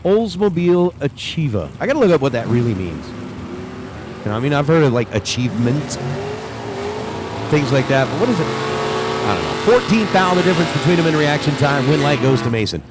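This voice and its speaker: A man's voice: on the high side, very animated, a little fast, noisy background. Chatty drag race announcer man. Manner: chatty, joking between calls. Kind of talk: live race commentary. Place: outdoors at a racetrack.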